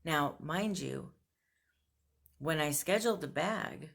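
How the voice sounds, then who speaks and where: A woman's voice: low-pitched, slow pace, gravelly, a bit bright. A woman vlogger venting to camera, blunt and frustrated, laughing between complaints. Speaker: fashion subscription box vlogger.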